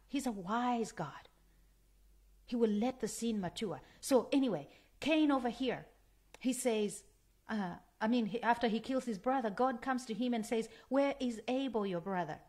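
A woman with a slightly high voice preaches a sermon. She speaks in an earnest, emphatic way and repeats key phrases for stress. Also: a little mellow.

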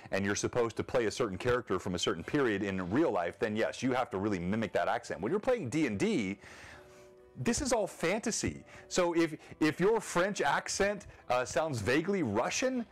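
A man hosting a relaxed panel chat, his voice swinging lively up and down as he laughs and doubles back mid-sentence. He sits at a middle pitch and talks in an easygoing, conversational way. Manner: animated, laughs often, restarts sentences. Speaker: show host.

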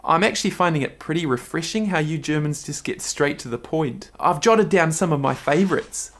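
A man's voice: a little high, a little fast. A man with a New Zealand accent in a scripted comedy sketch, explaining things in a laid-back, friendly way. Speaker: flatmate giving advice.

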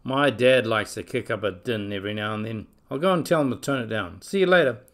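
A man's voice: on the low side, lively intonation, a little fast, lightly acted. A man voicing a small, friendly young kakapo in a children's story. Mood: chatty.

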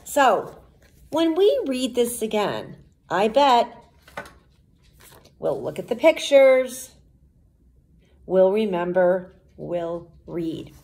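Slow, patient woman teacher reading aloud. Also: medium pitch, very animated, a little mellow. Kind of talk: reading a storybook aloud to children.

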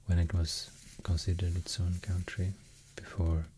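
A man with a Swedish accent speaking softly in ASMR style, half whispering and pausing often with fillers as he rambles through an explanation. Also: sits low, level tone, a little hiss or hum. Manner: soft, mostly whispered, hesitant with many fillers. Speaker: ASMR host.

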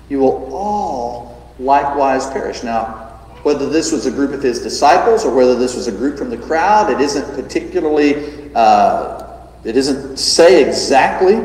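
A man preaching a sermon as pastor, emphatic and full of rhetorical questions, shifting between loud and soft delivery. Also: mid-range voice. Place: church sanctuary. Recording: echoey hall, distant mic.

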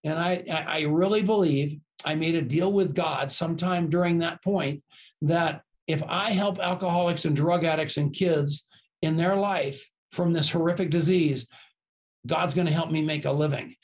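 An older man telling lively stories as a podcast guest, acting out the voices of the people in them. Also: a little high, moderate pace. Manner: lively anecdotes, acts out quoted voices. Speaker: podcast guest, business co-founder. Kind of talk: animated storytelling.

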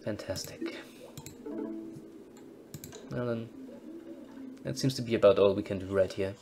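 A man's voice: lowish voice, a little slow, creaky, loud music behind the voice. A man casually commentating on a game he plays, reading its text aloud and adding dry, wry asides. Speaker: let's-play host.

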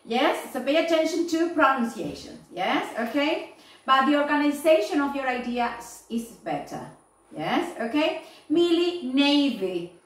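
Woman, English teacher, slow careful feedback, frequent "okay?" checks, roomy echo. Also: sits high, lively intonation, far from the mic. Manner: slow, repeating "yes?" and "okay?" to check understanding. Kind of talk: online class feedback.

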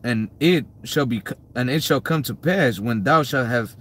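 A man with a husky voice reads archaic verses aloud, slowly and with care. His reading is plain and steady, and he sits a little away from the microphone. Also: mid-range voice. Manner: slow, careful reading. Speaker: Bible study partner.

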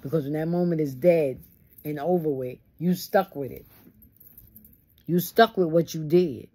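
Lowish-voiced woman teaching Bible study. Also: unhurried, mellow, slightly rough. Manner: folksy, preachy asides, acts out quotes.

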